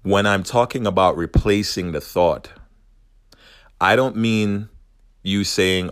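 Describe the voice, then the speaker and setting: A man's voice: deep voice, takes it slowly, long pauses, fairly bright tone, dry recording, clean studio sound. A man giving an earnest, reflective spiritual self-help talk, wandering a little and correcting himself as he goes. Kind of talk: motivational monologue.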